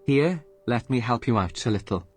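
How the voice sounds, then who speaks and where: A computer-generated male voice at an ordinary middle pitch, reading donation messages aloud. The delivery is even and mechanical. Faint music sits behind it. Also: moderate pace, breathy edge. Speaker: text-to-speech donation reader.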